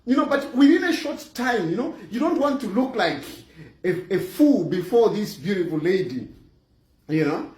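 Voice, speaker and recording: High-voiced Zambian man spinning a comic tale. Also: normal speed. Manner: animated, chuckling, lots of "you know" fillers. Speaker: vlogger. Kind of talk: comic personal storytelling. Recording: roomy echo.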